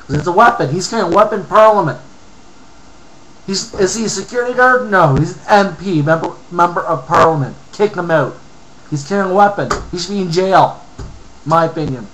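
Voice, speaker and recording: Profane ranting man with a higher voice. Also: animated, normal speed, fairly bright tone, low-quality recording. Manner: profane, ranting, interrupts his own reading. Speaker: commentator reading and reacting to an article. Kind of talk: angry ranting commentary.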